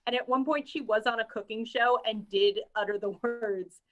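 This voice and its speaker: A woman's voice: fairly high pitch, fairly even intonation, moderate pace, lo-fi sound. A woman co-hosting a podcast in casual chat, reading out news and talking wryly, often laughing as she speaks. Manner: wry, laughs while talking. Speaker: podcast co-host.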